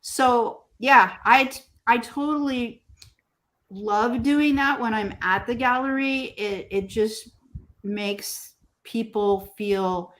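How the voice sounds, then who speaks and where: A woman mosaic artist being interviewed, telling stories gently and acting out what people say. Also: on the high side. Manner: slow, gentle storytelling with lively quoted voices. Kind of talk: casual interview conversation.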